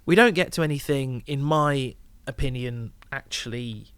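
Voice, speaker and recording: A man co-hosting an album review chat, giving a measured, thoughtful critique with easy laughs. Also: mid-range voice, a bit bright, clear, resonant tone, no room sound. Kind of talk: casual chat.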